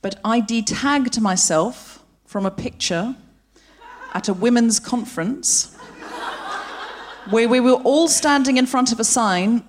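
A woman's voice: on the high side, takes it slowly. A woman co-hosting a live comedy podcast, reacting with gasps and dry asides. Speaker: podcast co-host. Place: live stage in front of an audience.

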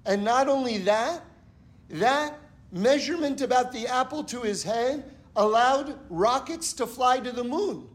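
A man's voice: very high-pitched, animated, measured pace. A man teaching a Torah lesson through stories, often checking in with his listeners by asking "right?". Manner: acts out characters in a story. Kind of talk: storytelling lesson.

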